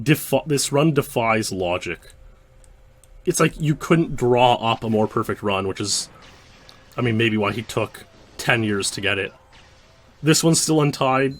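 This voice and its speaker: A man's voice: medium pitch, animated, a little slow. A young man hosting a speedrun history show, giving loose, rambling commentary over gameplay with lots of fillers and restarts.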